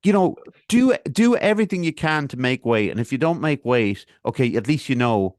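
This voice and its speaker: A male podcast host talks in a relaxed, rambling way, circling his questions with fillers. His voice sits mid-range and sounds dry and close to the mic. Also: medium pitch, moderate pace, no room sound. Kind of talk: casual interview chat.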